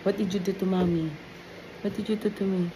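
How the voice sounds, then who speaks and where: A woman's voice: medium pitch, level tone, brisk, background noise. A woman in her thirties with a Filipino accent, chatting casually as a mother in a family vlog, coaxing and motherly. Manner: coaxing, motherly, mixes Tagalog into English. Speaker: mother and vlogger. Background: music.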